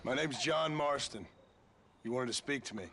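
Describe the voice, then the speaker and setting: An actor voicing a laconic, polite gunslinger in video game dialogue, terse and courteous. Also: male voice, medium pitch, normal speed, close to an everyday voice. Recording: game audio with clear ambient noise.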